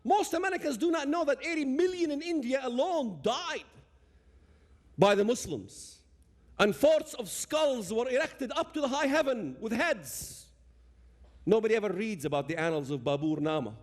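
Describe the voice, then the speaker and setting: Fired-up guy w/ palestinian arabic accent, high voice swinging all over, preaching at the crowd. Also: animated, moderate pace. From Palestinian territories. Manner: emphatic, addresses audience directly. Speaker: speaker giving a talk. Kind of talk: impassioned public talk.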